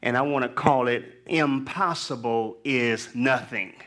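A man's voice: mid-range voice, fairly bright tone. Emphatic male pastor preaching. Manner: emphatic, rhythmic, drawn-out words. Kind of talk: sermon with call and response. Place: church.

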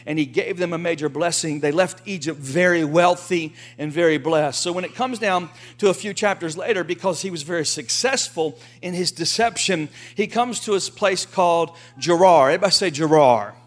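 A man preaching a sermon in a lively, folksy way, acting out quotes from the story. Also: high voice, moderate pace, hardly any pauses. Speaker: pastor.

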